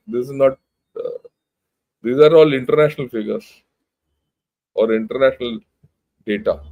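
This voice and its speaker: A man's voice: mid-range voice, a little mellow, rough recording. Emphatic older Indian man lecturing. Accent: Indian English. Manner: emphatic, blunt, rhetorical questions. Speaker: retired army general giving a talk. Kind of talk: informal lecture.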